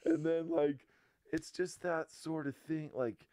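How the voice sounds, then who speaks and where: A man's voice: a little high, slow, warm tone, dry recording, clean studio sound. A young man hosting a podcast, chatting casually and laughing as he retells a sitcom episode in a rambling way. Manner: laughs often, rambling retelling with quoted lines. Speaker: podcast host.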